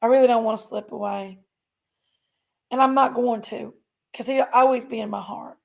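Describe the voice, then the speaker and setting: A woman's voice: on the high side, steady tone, moderate pace, vocal fry, a little mellow. A woman hosting a livestream, chatting in a rambling, folksy way and talking to her chat. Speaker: livestream host.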